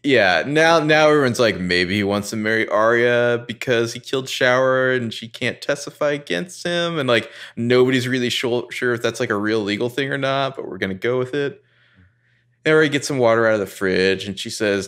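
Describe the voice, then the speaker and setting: A man's voice: mid-range voice, moderate pace, fairly bright tone, clear, resonant tone. A man co-hosting a casual podcast, narrating TV scenes in an amused, easygoing way. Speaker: podcast co-host. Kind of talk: casual recap chat.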